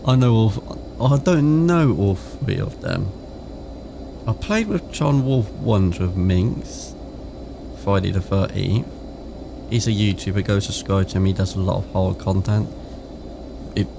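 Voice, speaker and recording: British man, gravelly voice, lowish pitch, casual game commentary, faint hiss behind. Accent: British English. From England. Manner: chatty, swears casually, reads game text aloud. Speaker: gaming YouTuber. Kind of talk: casual let's-play commentary.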